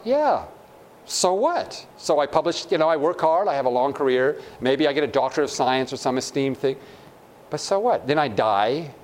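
A man's voice: a little high, slight background noise. A middle-aged man sharing a personal faith testimony in an earnest, conversational way, acting out his own thoughts as he tells the story.

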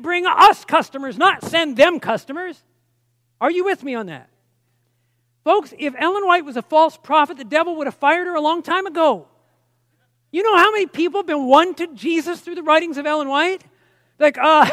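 Man, preacher, heartfelt storytelling sermon, lots of restarts, very high voice. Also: a bit bright, no room sound, clean studio sound. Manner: emotional storytelling, frequent restarts. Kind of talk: personal testimony sermon.

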